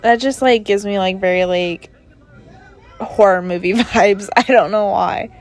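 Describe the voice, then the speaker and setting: A woman's voice: medium pitch, measured pace. A young woman hosting a casual solo podcast from her bedroom, rambling through stories with lots of fillers and asides. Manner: chatty, rambling with many fillers. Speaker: podcast host. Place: bedroom at her parents' home.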